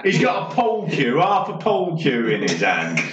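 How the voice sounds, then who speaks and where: A man, co-hosting a podcast and rambling through dark comic stories with drunk banter. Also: a little high, huge pitch swings, normal speed. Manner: rambling, keeps checking with "right?". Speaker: podcast co-host. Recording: roomy, distant, dull and slightly noisy.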